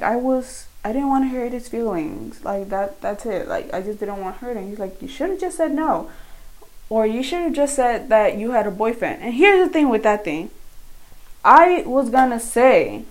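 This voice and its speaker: A woman's voice: on the high side, low-quality recording. A young woman telling a story in a casual vlog, chatty and rambling with lots of fillers. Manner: quieter at times while doing makeup. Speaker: vlogger.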